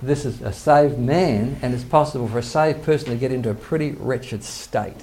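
An older man teaches a sermon as a pastor. His voice is gravelly and sits at an ordinary middle pitch. He preaches earnestly and quotes scripture as he goes. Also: moderate pace, darkish tone.

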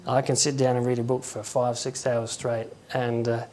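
A man giving an informal sermon in a halting, conversational way, often restarting his words and acting out quotes. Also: medium pitch, flat delivery, a little mellow. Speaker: preacher.

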